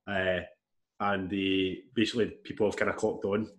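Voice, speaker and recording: Low-voiced scottish guy, blunt and sweary, just chatting on a podcast. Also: little pitch movement, moderate pace, slight background noise. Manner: blunt, sweary, explains things plainly. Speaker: podcast co-host. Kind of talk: casual chat.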